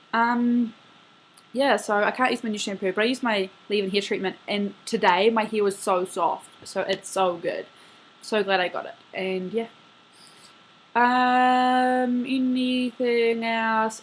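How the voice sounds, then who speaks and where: A woman's voice: mid-range voice, a bit bright. Chatty eighteen-year-old girl rambling. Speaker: vlogger messaging her best friend. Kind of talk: casual video message. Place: her bedroom at home.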